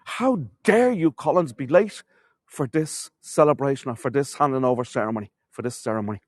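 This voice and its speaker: A man's voice: medium pitch, fairly quick, no room sound, clean studio sound, lightly acted. A man voicing a furious, haughty male British viceroy in a scolding, indignant tone.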